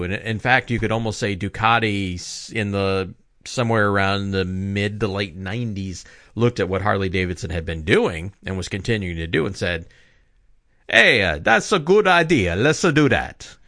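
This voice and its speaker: A man's voice: fairly low pitch, a bit bright, no room sound, clean studio sound. A man giving a casual opinion monologue, rambling and often correcting himself as he talks. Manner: rambling, self-correcting, conversational. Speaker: commentator.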